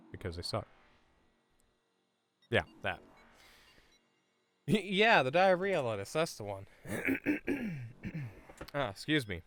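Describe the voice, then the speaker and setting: Excitable swearing man streaming a game. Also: fairly low pitch. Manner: excitable, swears, sudden loud outbursts. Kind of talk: live gameplay commentary.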